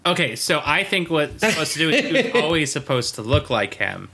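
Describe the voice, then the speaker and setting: A man's voice: on the high side, very animated, a little fast, pushed and bright, husky. A man co-hosting a podcast, joking and self-aware in casual chat. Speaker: podcast co-host.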